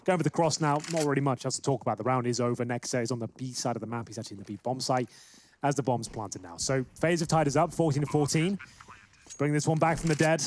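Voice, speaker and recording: Male caster, mid pitch, analytical and steady, light background noise. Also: quick pace. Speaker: esports caster. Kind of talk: esports commentary.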